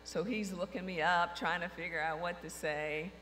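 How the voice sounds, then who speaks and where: A woman telling a lively anecdote, acting out the dialogue with frequent quotes. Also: fairly low pitch, moderate pace. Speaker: storyteller recounting her career. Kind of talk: anecdotal storytelling to an audience. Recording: long reverb hall with faint mains hum.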